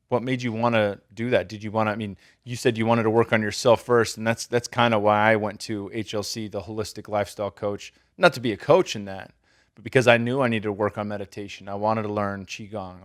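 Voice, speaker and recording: A man's voice: fairly low pitch, dry recording, clean studio sound. A man hosting a podcast, chatting loosely and swearing casually while asking his guest questions. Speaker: podcast host.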